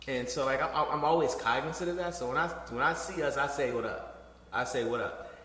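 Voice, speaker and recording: A man, a political candidate, talking in a casual interview with animated, profane storytelling and frequent restarts. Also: medium pitch, a little fast. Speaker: congressional candidate. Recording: echoey room with long reverb.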